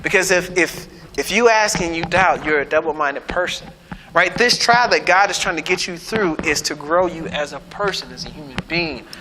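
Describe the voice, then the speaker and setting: A man's voice: fairly high pitch, animated, moderate pace. A man preaching a conversational sermon, playful and sarcastic, often checking in with his listeners. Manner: conversational preaching, keeps asking "right?". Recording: noisy hall with long reverb.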